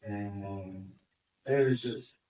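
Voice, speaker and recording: A man who handles a search dog tells the story at a community meeting, excitedly acting out what he said. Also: lowish voice, drawn-out words. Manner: excited, acts out his own quoted remarks. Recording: distant from the mic.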